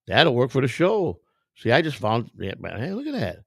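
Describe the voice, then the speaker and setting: Middle-aged host, gravelly and streetwise, rambling profane commentary, dry close sound. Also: male voice, mid-range voice, wildly swooping pitch, moderate pace, no echo. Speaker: vlog host browsing storage auctions. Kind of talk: casual commentary.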